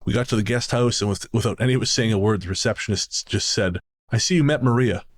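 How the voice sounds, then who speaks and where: A man co-hosting a ghost story podcast, chatting casually in an easygoing, jokey way. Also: fairly low pitch. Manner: easygoing, jokey, quick to laugh. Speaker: podcast co-host. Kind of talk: casual chat.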